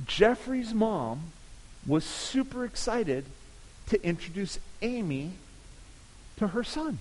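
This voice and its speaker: A man's voice: sits high, sing-song, slow pace, long pauses, a little mellow. A man from California preaching a sermon, telling a story with animation and building to emphatic peaks. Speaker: pastor. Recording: long hall reverb.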